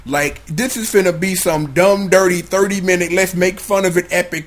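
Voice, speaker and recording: High-pitched young male vlogger, animated and profane, riffing through a show recap. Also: normal speed, few pauses. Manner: slangy, profane, animated storytelling. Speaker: vlogger reviewing a TV episode. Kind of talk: casual comedic review.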